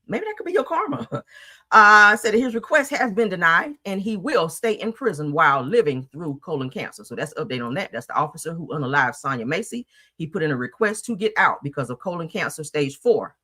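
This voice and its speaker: A woman hosting a commentary show, ranting emphatically and swearing freely in casual talk. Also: on the low side. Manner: animated, profane, emphatic ranting.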